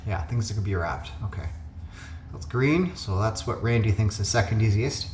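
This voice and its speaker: Thinking out loud and dropping frequent fillers, this puzzle-video host chats casually through his solutions in an expressive, darkish, lowish voice at a moderate pace. His phone webcam picks up an echoey home room and slight background noise.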